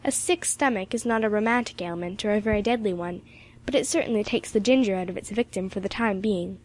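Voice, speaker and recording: A woman narrating an audiobook in a steady, expressive reading. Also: mid-range voice, fast.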